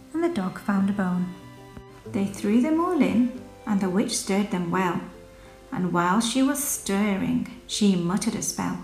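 A woman reading a rhyming children's story aloud, unhurried and rhythmic. Her voice carries through an echoey room with soft music underneath. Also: medium pitch. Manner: slow, rhythmic rhyming delivery.

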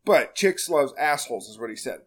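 A man's voice: medium pitch, lively intonation, fairly quick, a bit bright. A man hosting a podcast, casually recapping a movie plot with lots of swearing and laughter. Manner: profane, laughing, acts out characters' lines. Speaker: podcast host.

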